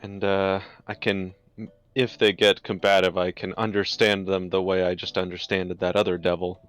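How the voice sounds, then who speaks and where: A man's voice: sits low, level tone, moderate pace, soft background music. A man playing a tabletop game, musing casually and chuckling. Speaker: player.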